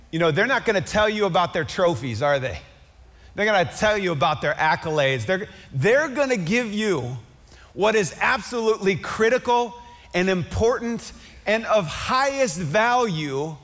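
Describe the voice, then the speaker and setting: A man preaching a sermon as pastor, swinging from loud, fervent climaxes to quiet, conversational asides. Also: high-pitched. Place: large church hall. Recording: long hall reverb.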